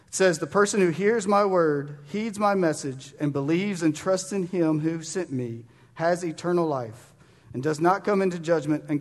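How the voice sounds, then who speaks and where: A man preaching a sermon, urging and fervent, swinging from quiet, slowed scripture readings to loud shouted bursts. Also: fairly high pitch. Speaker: pastor. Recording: long reverb of a large room.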